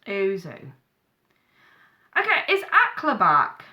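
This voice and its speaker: A woman's voice: medium pitch, wildly swooping pitch, slow, highs cut off. A woman giving a live-streamed tarot reading, chatty and frank, calling viewers darling and sweetheart. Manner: blunt, frank advice with swearing. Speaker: tarot reader.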